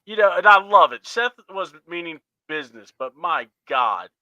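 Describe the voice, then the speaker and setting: A man chats as a podcast co-host in a very bright, lively voice that jumps around a lot. He laughs often and keeps the energy up. The sound is dry and close to the mic. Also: high-pitched, normal speed, no echo. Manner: animated, laughs often, acts out quotes. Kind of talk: casual chat.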